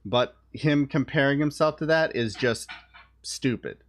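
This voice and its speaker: A man's voice: mid-range voice, measured pace, a little hiss or hum. A man who streams live, giving casual political commentary in a blunt, sarcastic way and swearing offhandedly.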